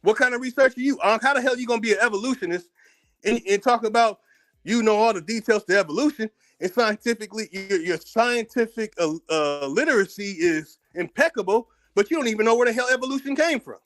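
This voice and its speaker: Combative high-voiced American man ranting. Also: expressive, quick pace, a bit bright. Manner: combative, profane, repeats words when worked up. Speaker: channel host. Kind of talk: heated commentary rant.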